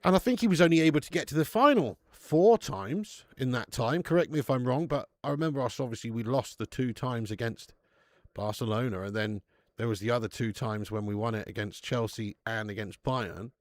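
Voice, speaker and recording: A man's voice: mid-range voice, a little fast, darkish tone, no echo. A man hosting a live football watch-along, chatting casually, laughing often and swearing freely as he reads out viewers' messages. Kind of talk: casual live stream chat.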